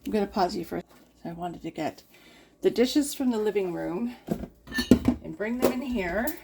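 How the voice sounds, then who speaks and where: A middle-aged woman vlogs while cleaning at her kitchen sink, chatting in an encouraging, casual way and laughing a lot. Her voice is mid-range, animated and creaky at a normal speed, set against noisy clattering dishes, pots and running water.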